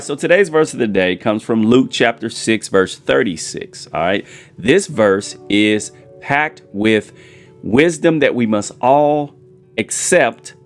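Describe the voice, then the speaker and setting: A man hosting a daily devotional show, preaching and retelling a parable in an energetic, folksy way. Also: medium pitch. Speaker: host.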